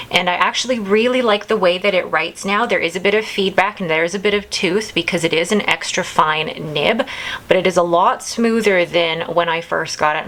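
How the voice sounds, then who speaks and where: A thirty-something woman hosting a casual vlog chats eagerly and rambles slightly while going over her things. She has a fairly low, fairly bright voice, and the audio is poor.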